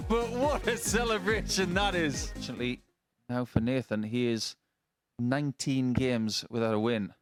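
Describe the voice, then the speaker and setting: A man's voice: medium pitch, moderate pace, soft background music. A man giving live darts commentary, chuckling as he talks. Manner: chuckling, animated.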